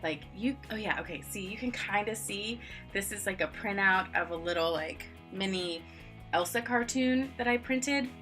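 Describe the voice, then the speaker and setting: A thirtysomething woman who teaches English online speaks at a moderate pace in a somewhat bright voice, with faint music in the background. Her on-camera explanation is chatty and filler-heavy, and she performs classroom scenes in high, playful voices.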